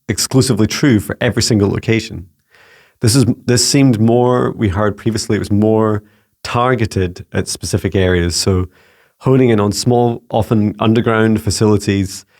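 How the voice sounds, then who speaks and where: A man and psychic mentor answering viewer questions in a rambling, casual way. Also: lowish voice. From Scotland. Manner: warm-hearted, rambling, frequent restarts and fillers.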